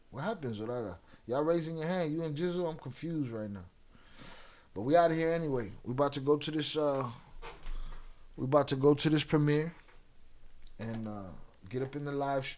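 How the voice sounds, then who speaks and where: A livestream host chats casually with his viewers, teasing them through loose, profane banter. His voice sits in the mid range and sounds a little mellow.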